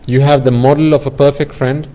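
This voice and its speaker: A man's voice: medium pitch, flat delivery, brisk, mellow, poor audio. A man giving an earnest Buddhist dharma talk, explaining ideas through everyday examples and often repeating himself. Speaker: Buddhist teacher.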